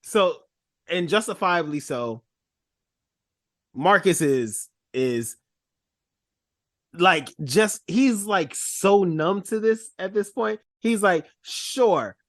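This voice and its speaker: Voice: medium pitch, takes it slowly, pauses often, no room sound. Rambling emphatic co-host, dry sound. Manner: rambling and emphatic, quotes characters with a laugh. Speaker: podcast co-host. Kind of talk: casual movie-review chat.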